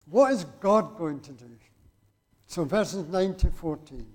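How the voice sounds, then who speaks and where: A man's voice: sits high, lively intonation, measured pace. A man preaching a sermon and reading scripture aloud, in a conversational way that keeps asking the listeners rhetorical questions.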